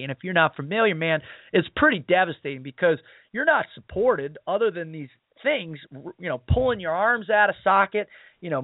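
A man's voice: a little high, dry recording. A man hosting a podcast, retelling a story in a casual, sermon-like way, emphatic and repetitive, full of "man" and "you know". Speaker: podcast host. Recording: dry, tinny phone-like sound.

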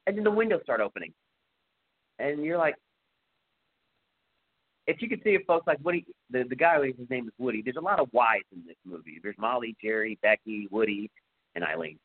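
A chatty man with a drawl, walking through a horror film scene by scene and slipping into quick voices for the characters. His voice sits in a middle register. The sound comes through thin and narrow, as if over a phone line. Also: mid-range voice, expressive, breathy edge. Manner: chatty, jokey, acts out bits of scenes. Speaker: podcast co-host. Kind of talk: casual podcast movie recap.

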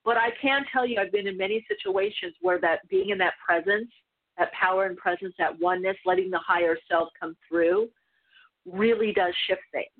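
A woman's voice: medium pitch, expressive, moderate pace. A woman spiritual teacher telling a story in a casual, rambling way, full of asides and restarts. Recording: tinny phone-like line.

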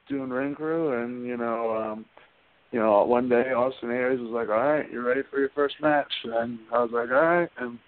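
A man being interviewed as a guest, telling stories in a loose, rambling way full of "you know" and "like". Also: mid-range voice. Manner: rambling, filler-heavy, constant "you know" and "like". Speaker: guest wrestler. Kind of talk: casual interview storytelling. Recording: phone line with faint hiss.

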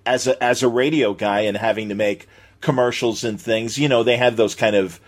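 A man hosting a podcast interview, a former radio man, chatting casually and chiming in with quick, friendly agreements. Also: medium pitch, fairly even intonation.

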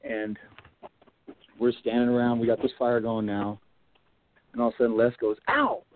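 A middle-aged Bigfoot researcher, appearing as a radio guest, talks at normal speed in a flat, medium-pitched voice. His long personal story wanders casually, packed with "you know" and "like." The tinny phone line has no echo.

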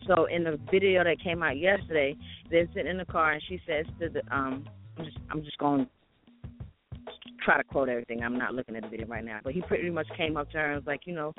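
A woman's voice: low voice, fast talker. A woman co-host giving a chatty news update, with lots of hesitant ums. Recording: tinny phone-like sound with faint music.

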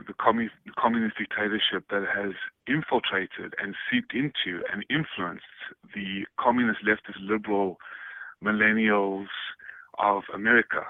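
A male caller phoning in to a radio show, ranting in halting bursts and stumbling over his words. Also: on the low side, no echo. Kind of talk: phone-in rant. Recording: tinny dry phone line.

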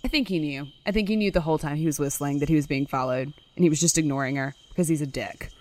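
A woman's voice: low voice, fast, darkish tone, rough recording. A woman hosting a podcast, retelling a folktale with wry, irreverent asides. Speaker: podcast host. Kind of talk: comedic folklore storytelling.

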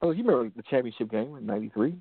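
A gravelly-voiced man from Detroit tells a personal story in an earnest, motivational way, circling back on key phrases. The sound is dry and narrow, like a phone line, with no room around him. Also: medium pitch, animated, very fast, dry recording. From Detroit, USA. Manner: earnest, repeats phrases for emphasis. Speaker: motivational show host.

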